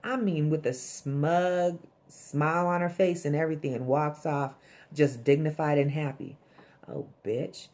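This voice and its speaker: A woman's voice: deep voice, fairly even intonation, moderate pace, darkish tone. A woman casually recapping a TV episode, blunt and chatty, swearing and acting out the characters' lines. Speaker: TV episode reviewer.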